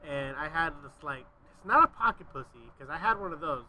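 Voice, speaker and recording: High, bright-voiced man hosting a podcast. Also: animated, fairly quick, low-quality recording. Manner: crude, rambling storyteller with lots of fillers. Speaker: podcast host. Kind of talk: casual podcast chat.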